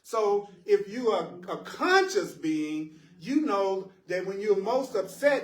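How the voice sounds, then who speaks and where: A man teaching a live spiritual class to listeners in the room, animated and playful, laughing at his own jokes and repeating phrases for emphasis. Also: high-pitched, measured pace, few pauses. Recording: roomy echo, voice picked up from a distance.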